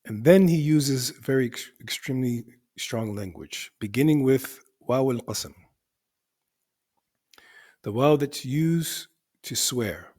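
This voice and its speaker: A man's voice: mid-range voice, slow, darkish tone, breathy edge. A male teacher explaining the grammar of an Arabic poem line by line, in a methodical way that repeats and rephrases for emphasis.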